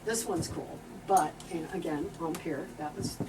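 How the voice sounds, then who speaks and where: A woman in her late sixties, a guest telling chatty, animated stories about her past work. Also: deep voice, a little slow. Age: 60s. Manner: chatty, animated, acts out quoted voices. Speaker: interview guest, former visual merchandiser. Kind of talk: casual storytelling chat. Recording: distant mic with clear background noise.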